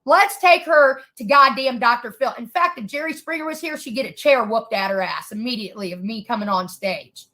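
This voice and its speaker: A woman's voice: on the high side, brisk, few pauses, bright, forceful tone. A woman in an angry, profane rant, furious and swearing hard.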